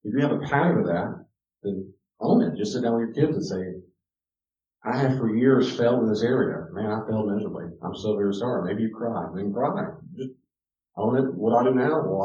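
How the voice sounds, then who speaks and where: A low-pitched man teaches parents in a casual, storytelling way, often restarting his sentences and jumping from muttered asides to loud, emphatic points. He sounds distant from the mic, with the room echoing around him. The sound is dull. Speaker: counselor teaching a parenting class. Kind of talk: informal teaching talk with personal stories.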